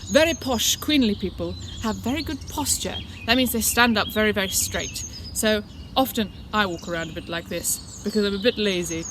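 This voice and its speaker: A woman's voice: on the high side, noisy background. Playful woman teaching kids in the woods. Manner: playful, encouraging, speaks directly to children. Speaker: children's church leader. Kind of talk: children's activity lesson and storytelling. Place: outdoors in woodland. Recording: outdoor recording with birdsong behind.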